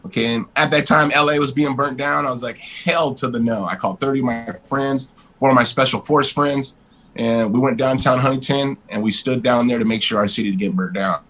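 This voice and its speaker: A man in his forties, a guest in a casual interview, telling stories in a blunt, animated way and swearing freely. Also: mid-range voice, brisk, poor audio.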